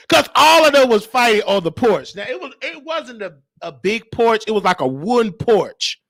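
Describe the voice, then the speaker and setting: High bright-voiced guy, telling wild family stories, dry close mic. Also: a little slow, dry recording. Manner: animated, acts out quotes, frequent laughter. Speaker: host. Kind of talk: storytelling monologue.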